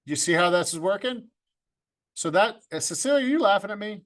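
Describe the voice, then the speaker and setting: High-pitched, expressive, and a bit bright, a man talks a little fast while teaching a video-editing class over a video call. The video club instructor works from a home room with a green screen, upbeat and joking, naming students as he goes.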